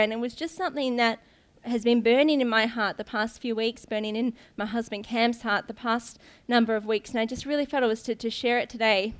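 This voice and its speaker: A young woman giving an informal sermon to her church, telling stories in a chatty way with lots of ums and restarts. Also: on the high side. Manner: chatty, laughs often, many ums and restarts. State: briefly tearful. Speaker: guest preacher, pastor's daughter.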